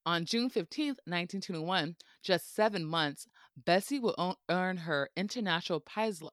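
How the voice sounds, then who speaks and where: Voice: mid-range voice, lively intonation, moderate pace, a bit bright, no echo. Casual podcast host, playful and jokey, talking over a dry, close sound. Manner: playful and chatty, with joking asides and frequent laughter. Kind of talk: casual history podcast narration.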